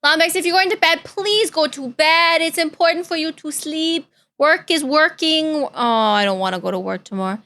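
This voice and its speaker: A woman's voice: sits high, moderate pace, pushed and bright. A young woman streamer chatting casually and playfully with her viewers, caring and chatty. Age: young adult. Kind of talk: casual reaction-stream chat.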